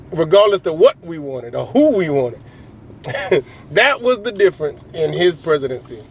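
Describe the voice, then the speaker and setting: A high-pitched man riffs through a comedic monologue. He rambles, swears freely and keeps jumping into mocking asides. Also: slight background noise.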